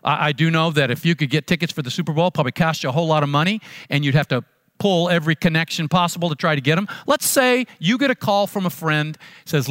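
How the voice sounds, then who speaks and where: A man's voice: a little high, fast, fairly bright tone, no echo, clean studio sound. A male pastor preaching a sermon in a conversational storytelling way, often repeating words as he goes.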